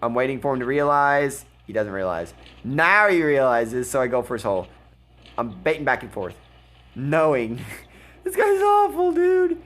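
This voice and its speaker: A man's voice: medium pitch, expressive, moderate pace, a bit bright. A man giving casual, blunt commentary over a gameplay replay, mocking and laughing at his opponent. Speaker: gaming video creator.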